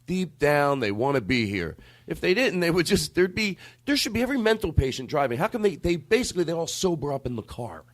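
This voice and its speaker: Podcast host, male, slightly high voice, rambling casual talker prone to tangents. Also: sing-song, brisk, hardly any pauses. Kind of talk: casual chat.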